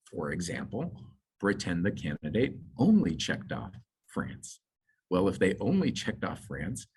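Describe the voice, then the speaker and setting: A man's voice: deep voice, slightly rough, low-quality recording. A man lecturing on exam scoring in a conversational way, with asides and fillers, his voice slightly going. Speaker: nursing exam instructor. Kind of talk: explanatory lecture.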